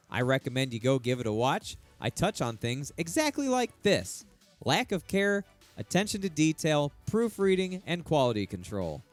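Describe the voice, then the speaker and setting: A man's voice: medium pitch, dry recording. A young man commenting on his racing game career, sarcastic and openly swearing at rivals. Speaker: sim racing streamer.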